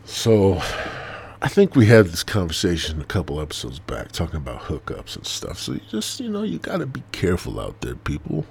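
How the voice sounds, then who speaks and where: A man hosting a podcast, rambling crudely and swearing a lot, dropping to mutters and jumping into loud mock voices. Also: sits low, wildly swooping pitch, a little fast, gravelly, slight background noise. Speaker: podcast host.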